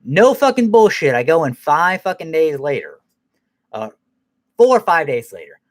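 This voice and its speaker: A man's voice: fairly high pitch, big pitch swings, moderate pace. A man hosting a podcast who rambles through an angry, profane rant and laughs at himself now and then. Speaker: podcast host.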